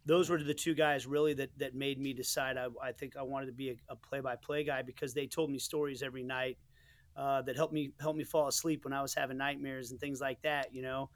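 A man's voice: medium pitch, little pitch movement, brisk, no room sound. A middle-aged man, a soccer commentator from the United States, telling stories in a casual interview, earnest and rambling with many restarts and asides. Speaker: soccer play-by-play commentator, guest.

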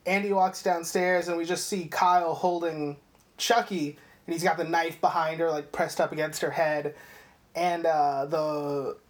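A woman's voice: low-pitched, measured pace. Young woman casually recapping a film. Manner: animated retelling, swearing, acting out lines. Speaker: podcast co-host.

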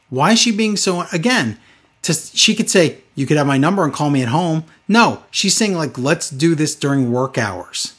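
A man with a husky voice giving a sarcastic, mocking recap in casual chat. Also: on the high side, lively intonation, moderate pace, fairly bright tone. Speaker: podcast co-host recapping wrestling.

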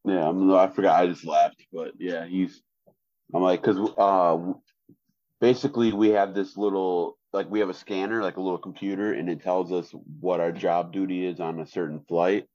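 A man, co-hosting a casual podcast chat in a flat, deadpan way with lots of fillers. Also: deep voice, moderate pace, no room sound, dull audio. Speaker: podcast co-host.

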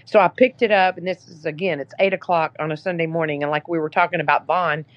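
Woman, podcast guest, lowish voice, chatty storytelling, muffled sound. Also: fairly even intonation, fast talker. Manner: chatty, lots of "you know" fillers. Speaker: podcast guest, app founder. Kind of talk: casual storytelling interview.

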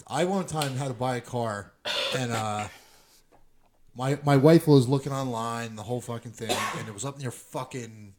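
A man's voice: mid-range voice, normal speed, a little mellow, slight background noise. A middle-aged man telling heated, profane stories in a casual chat, acting out the people in them. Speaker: podcast co-host.

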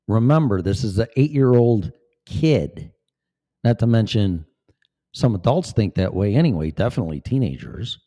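A man's voice: on the low side, lively intonation, moderate pace, dark tone. A man giving profane, rambling, blunt commentary as a vlogger. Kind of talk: casual commentary.

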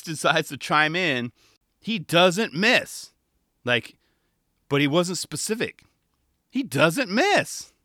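A skateboarding podcast host and contest commentator talks casually in a monologue about commentating, laughing often and imitating other commentators. His voice is on the high side, bright and pushed, recorded at studio quality with no echo.

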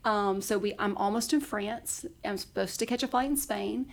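Chatty woman with a gravelly voice. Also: medium pitch, moderate pace. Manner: chatty, laughs often, acts out her own past words. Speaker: podcast guest. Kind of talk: casual personal storytelling.

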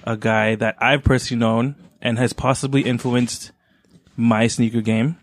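A man's voice: mid-range voice, little pitch movement, normal speed, no room sound, clean studio sound. A man hosting a casual podcast, upbeat and joking, laughing often with his co-hosts. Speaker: podcast host.

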